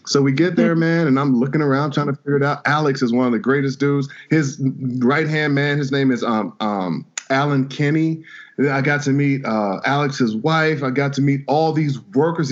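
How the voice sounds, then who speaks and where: A man's voice: medium pitch, moderate pace, dull audio. A man, a guest voice actor, chatting casually and animatedly in an interview. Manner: animated, laid-back storyteller.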